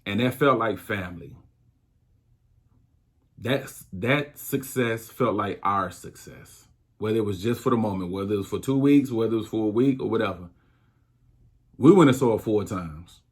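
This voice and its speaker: A man's voice: fairly low pitch, slightly rough. A man hosting his own podcast, talking reflectively in a casual style, with many restarts. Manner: slow, reflective, drawn-out phrasing with many restarts. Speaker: podcast host. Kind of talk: casual solo podcast talk.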